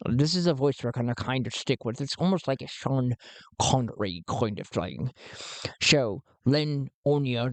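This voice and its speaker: A man plays through a solo tabletop game, narrating each roll and thinking aloud as he restarts his sentences. His delivery is slow and unhurried, and the recording is dry and close. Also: mid-range voice, no room sound.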